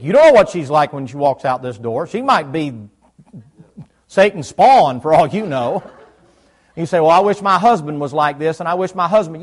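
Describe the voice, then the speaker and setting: A middle-aged man, preaching a folksy sermon in church and quizzing his listeners. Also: high voice. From United States South. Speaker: pastor.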